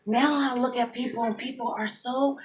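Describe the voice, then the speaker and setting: A single mother in her thirties tells a personal story in a blunt, animated monologue full of heavy swearing. Her voice is fairly high and her pace moderate.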